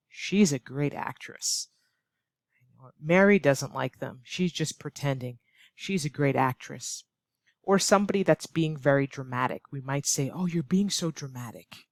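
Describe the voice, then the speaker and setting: A woman with an American accent teaching an online English lesson, expressive and acting out her examples. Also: measured pace, no room sound, studio quality. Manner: expressive, acts out examples with big swings of pitch. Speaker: ESL teacher.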